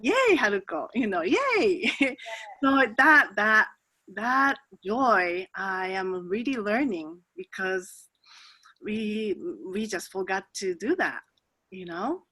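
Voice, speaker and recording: A woman talking slowly and gently as a guest in a spiritual interview, often pausing on soft fillers. Her voice is recorded close and dry, with no room sound around it. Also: mid-range voice, dry recording. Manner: soft, hesitant, many fillers.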